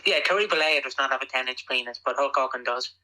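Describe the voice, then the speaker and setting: A man co-hosting a podcast, ranting crudely and excitably in casual chat. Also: mid-range voice, fast, low-quality recording. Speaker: podcast co-host.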